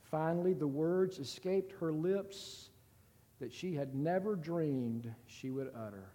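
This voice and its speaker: A man reading a story aloud in a slow, deliberate and somber way, with a long reverb. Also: on the high side, mellow.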